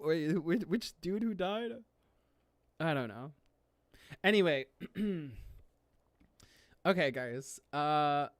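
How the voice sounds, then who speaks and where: Gushing near-teary streamer, smooth clean voice, totally dry sound, casual stream chat. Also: medium pitch, no room sound. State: near tears with emotion. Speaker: streamer reacting to an anime.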